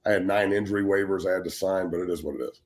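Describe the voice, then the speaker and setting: Talking very fast in a low voice with fairly even intonation, a former football player in his forties rants as a sports talk show guest. His tone is blunt, heated, and full of profanity, and he repeatedly restarts, doubling words at the start of sentences.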